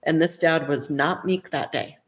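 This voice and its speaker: A woman's voice: deep voice, steady tone, unhurried. A woman who is a neonatal nurse practitioner, telling stories in a podcast interview, retelling past talk and often restarting her sentences. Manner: recounts events with quoted dialogue and restarts. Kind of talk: conversational interview storytelling.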